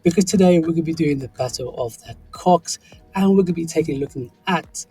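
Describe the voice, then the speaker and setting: A man's voice: fairly high pitch, quick pace, faint music behind. A man with a sore, groggy throat, hosting an upbeat crypto chart commentary for his viewers. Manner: hyped, energetic, talks to viewers as "guys". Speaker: crypto channel host.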